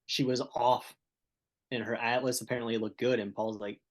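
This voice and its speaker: A man's voice: mid-range voice, little pitch movement, normal speed. A man appearing as a podcast guest, telling stories in a laid-back, casual way. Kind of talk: casual chat.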